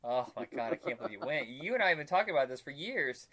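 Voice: medium pitch, very animated, quick pace, sharp tone. A podcast co-host in casual chat, opinionated, swearing freely and acting out jokes in put-on voices.

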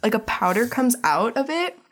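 A woman's voice: a little high, sing-song, normal speed. A young woman co-hosting a podcast, recapping an episode in a chatty, profane way full of fillers. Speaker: podcast co-host.

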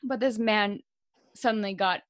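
A young Canadian woman co-hosting a podcast, telling a story in a casual, animated way and laughing often. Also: medium pitch, measured pace, no room sound, clean studio sound. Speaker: podcast co-host.

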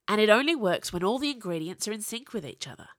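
A woman reading her own fiction aloud in a wry, expressive storytelling voice for a podcast. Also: mid-range voice, fast talker, dry recording, clean studio sound. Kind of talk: audiobook story narration.

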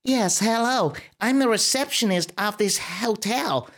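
A woman's voice: mid-range voice, measured pace, natural voice. Lady doing a fake american accent as a chatty hotel receptionist, calls you honey. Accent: attempted American. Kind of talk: improvised comedy role-play.

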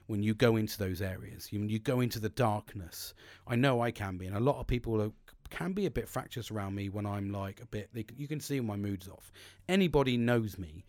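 A man's voice: on the low side, a little mellow, dry recording. A man hosting a podcast, talking frankly and casually about coping and mental health, swearing freely and restarting his sentences. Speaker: podcast host.

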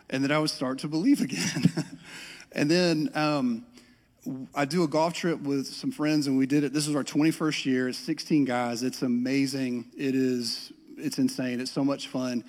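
A man's voice: medium pitch, steady tone, normal speed, a little mellow. A middle-aged man from the US South with a Southern accent, telling a self-deprecating personal story in a sermon. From Metro Atlanta, US South. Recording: long reverb of a large hall.

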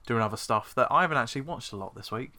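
Man, casual podcast chat, bright voice, middling pitch, rambling. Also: animated, racing, a little hiss or hum. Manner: rambling, teasing, retells plots. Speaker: podcast co-host.

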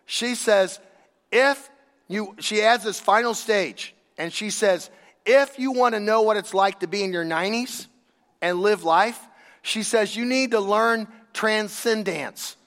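A man's voice: sits high, unhurried, fairly bright tone, big-room sound. A man preaching a sermon in a conversational, emphatic way, stopping for rhetorical questions.

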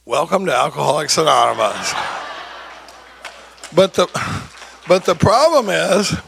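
A man's voice: sits high, big pitch swings, moderate pace, vocal fry, a bit bright, slightly rough. A man, giving a joking, story-filled recovery talk to an audience. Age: 60s. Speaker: recovery meeting speaker.

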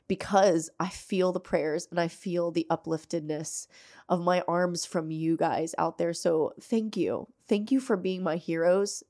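A woman hosting her own faith podcast, speaking earnestly and through tears, often halting and restarting her sentences. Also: on the low side, darkish tone. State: tearful. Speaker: podcast host. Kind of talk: emotional faith podcast monologue.

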